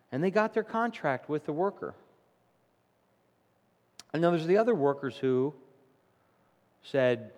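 A man preaching a sermon, telling a story in a lively, animated way. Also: unhurried, long pauses, long reverb tail. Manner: animated storytelling, rising to loud indignant pitch in acted quotes. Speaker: pastor. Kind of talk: sermon with a told joke.

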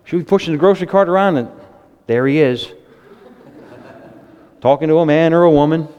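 A man in his fifties preaching a sermon with excitable storytelling, speaking. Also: brisk, smooth, in a large hall, dull audio. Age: 50s. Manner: excitable, storytelling, animated swings in pitch.

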